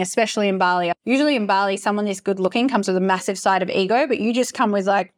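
A young woman hosting a podcast, telling a story in a gushing, animated way and swearing freely. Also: mid-range voice. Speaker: podcast host. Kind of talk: casual storytelling.

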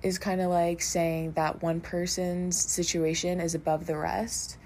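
Thoughtful lower-voiced woman co-host. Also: flat delivery, a little mellow, a little hiss or hum. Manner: thoughtful, measured explaining. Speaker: podcast co-host. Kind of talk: casual reflective chat.

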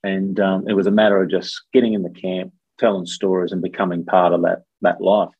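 A man's voice: deep voice, little pitch movement, a little fast, slightly rough, no echo, dull audio. A middle-aged Australian man telling long rambling anecdotes as an interview guest. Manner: rambling anecdotes with many fillers. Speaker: guest, former contestant. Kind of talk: casual storytelling interview.

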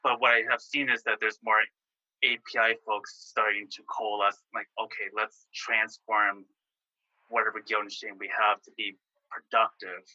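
A man hosting a podcast, asking earnest, measured questions with many fillers. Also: fairly low pitch, level tone, sharp tone, no echo, muffled recording. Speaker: podcast host. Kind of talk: interview questions.

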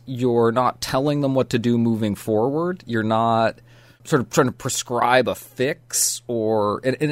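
A man hosts a reflective conversation, choosing his words with care and pausing on small hesitations. The sound is dry and close, with no room around it. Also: mid-range voice, no echo. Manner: thoughtful, measured, with hesitations. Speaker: podcast host. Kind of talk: casual conversation.

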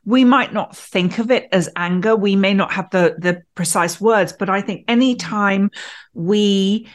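A woman's voice: medium pitch, measured pace. Woman, podcast co-host, chatty storyteller, casual talk. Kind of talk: conversational podcast chat.

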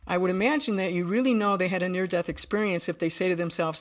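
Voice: mid-range voice, fairly even intonation, fast talker. Earnest podcast guest telling a story. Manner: earnest, detailed storytelling with frequent restarts. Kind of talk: telling a personal story in conversation.

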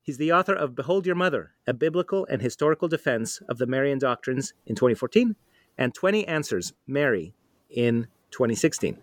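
A man's voice: mid-range voice, lively intonation, fairly quick, no echo. A man hosting an interview podcast, friendly and thoughtful, talking casually with some fillers. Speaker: podcast host.

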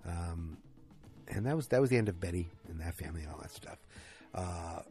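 A man with a deep, low voice walks through the plot of an episode in a relaxed, meandering way. He loses his place, corrects himself and fills pauses with ums and uhs. Faint music plays quietly behind him. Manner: rambling, self-correcting, many fillers. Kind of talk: casual episode recap.

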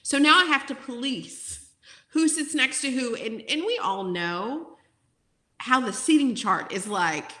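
An outspoken former teacher in her forties speaks with feeling and plenty of fillers. Her voice is bright and a little high. The room around her is echoey. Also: lively intonation, unhurried. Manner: outspoken, emotional, many fillers. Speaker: guest, former teacher turned content creator. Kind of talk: emotional interview talk.

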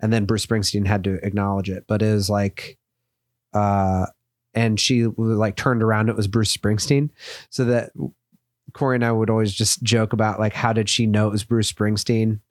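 A man's voice: on the low side, little pitch movement, normal speed, no room sound. Young guy cohosting a podcast, rambling jokey chat, dry close sound. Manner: rambling, laughing, self-deprecating. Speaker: podcast co-host. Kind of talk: casual comedic chat.

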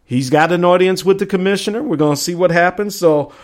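A middle-aged man runs his own sports talk show. His voice sits a touch high, and he keeps it chatty and exclamatory, throwing in slang as he goes. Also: a little fast. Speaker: sports podcast host.

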